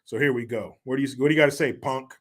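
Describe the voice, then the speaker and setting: A man's voice: medium pitch, racing. A man hosting casual, profane commentary, sarcastic with muttered crude asides. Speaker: commentary host.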